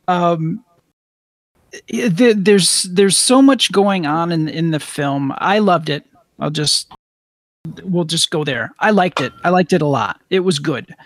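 A man co-hosting a casual podcast roundtable, relaxed and hesitant, filling pauses with um and you know. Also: a little high. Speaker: podcast co-host.

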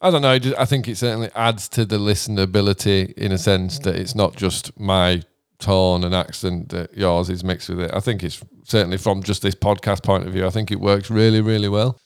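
A British man in loose podcast chat, his low voice smooth and resonant. He swears freely and lets his sentences trail off and restart. The sound is dry and close, with no room around it. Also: fairly even intonation, brisk, no room sound. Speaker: podcast co-host, musician. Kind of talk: casual chat.

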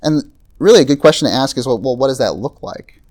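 Speaking fast and expressively, a pastor with a medium-pitched, somewhat mellow voice preaches to a campus group at an evening gathering. His delivery is conversational, peppered with filler words and frequent "right?" and "like" asides.

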